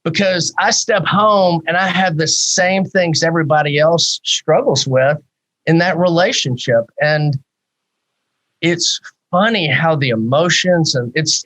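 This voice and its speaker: A man in his fifties, a psychologist guest in a podcast interview, talking in a candid, animated way with many rhetorical questions. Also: on the high side, low-quality recording.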